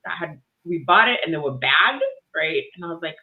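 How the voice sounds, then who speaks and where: Animated woman on a tinny line. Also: low voice, normal speed. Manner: animated, laughs often, acts out voices in stories. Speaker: guest. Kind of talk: casual storytelling.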